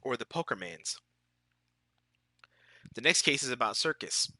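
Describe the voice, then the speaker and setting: A man's voice: medium pitch, very animated, unhurried, sharp tone, dry recording. A man with a stuffy, sick-sounding nose chatting casually with his viewers while streaming a game, laid-back and laughing often. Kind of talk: casual live-stream chat.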